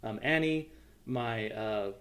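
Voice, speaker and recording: A young adult American man hosting a casual livestream chat, earnest and halting, with lots of ums. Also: mid-range voice, a bit bright. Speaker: YouTube channel host.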